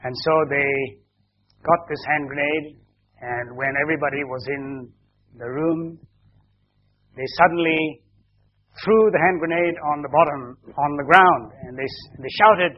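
A man, a pastor, telling a children's story during a service, slowly explaining and asking the children questions as he goes. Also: on the high side, slight background noise. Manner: slow and explanatory. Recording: dull lo-fi recording.

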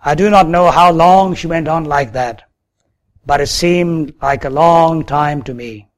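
A man's voice: a little high, measured pace. A man preaching a sermon, telling a personal story as earnest testimony.

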